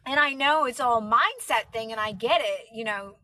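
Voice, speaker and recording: Brief: chatty woman live streamer, high pitch, bright rambling talk. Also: normal speed, rough recording. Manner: chatty, rambling with many fillers. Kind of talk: casual live stream chat.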